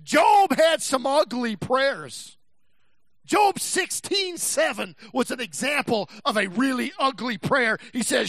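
A male pastor preaching a sermon, swinging from shouted passages to quiet, slow, emphatic stretches. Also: extremely high pitch, animated, no room sound. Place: church.

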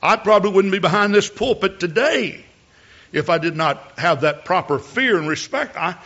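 A man's voice: high voice, animated, moderate pace, pushed and bright, highs cut off. A male preacher giving a sermon from the pulpit, often repeating words as he builds a point and rising to emphatic peaks. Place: church pulpit.

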